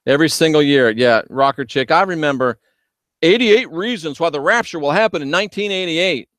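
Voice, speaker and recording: A man hosting a livestream, talking loudly and emphatically while reading viewer chat. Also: fairly high pitch, expressive, a little fast, dry recording. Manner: loud, shouting, emphatic. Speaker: host.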